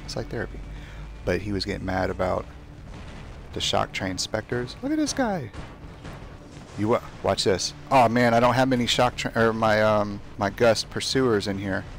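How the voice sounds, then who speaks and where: Gravelly low-voiced man streaming a game. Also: fairly even intonation, normal speed, a little hiss or hum. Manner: chatty, talks to himself while playing, trash-talks opponents. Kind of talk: casual live gameplay commentary.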